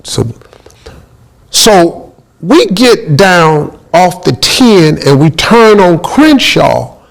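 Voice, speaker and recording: A middle-aged man spins a comic story with a gravelly voice that swings widely up and down. He keeps the pitch a touch high and acts out each quote with big exclamations. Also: big pitch swings, takes it slowly, poor audio. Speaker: comedian telling a story.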